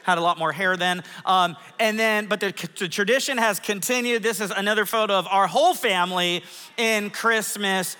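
Pastor, forties, high voice, playful storytelling sermon in a big hall. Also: male voice, normal speed, clean tone. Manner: lively, self-mocking storytelling with audience polls. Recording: long hall reverb.

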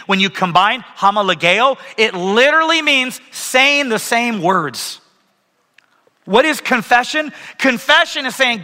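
A man in his thirties gives a sermon in a large church auditorium, his high, bright voice ringing with a long hall reverb. He tells stories with animated energy and calls on the audience to raise their hands. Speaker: pastor.

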